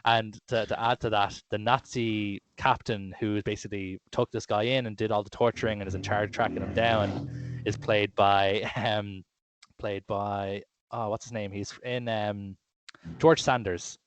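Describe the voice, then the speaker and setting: A man's voice: lowish voice, no room sound. A man co-hosting a podcast, chatting casually and enthusiastically about films, with many fillers and restarts. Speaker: podcast co-host. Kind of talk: casual film chat.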